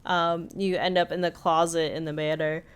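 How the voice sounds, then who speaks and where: Smooth-voiced woman recapping an episode. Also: low voice, little pitch movement. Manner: retells scenes at length with quick laughs. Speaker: podcast co-host. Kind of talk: casual chat recapping an episode.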